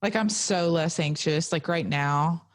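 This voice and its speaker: Low-voiced chatty woman. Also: measured pace. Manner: chatty, lots of "like" fillers. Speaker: podcast co-host. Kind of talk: casual chat.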